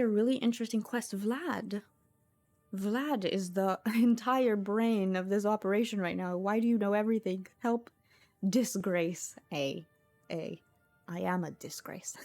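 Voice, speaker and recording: A woman's voice: mid-range voice, a little mellow. Chatty woman streamer thinking aloud. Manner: thinks aloud to herself, chatty, quick laughs. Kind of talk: casual gameplay commentary. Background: faint music.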